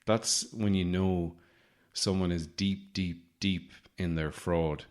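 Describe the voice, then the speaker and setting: Low-voiced male podcast host, sardonic, rambling comic monologue. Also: fairly even intonation, slow pace.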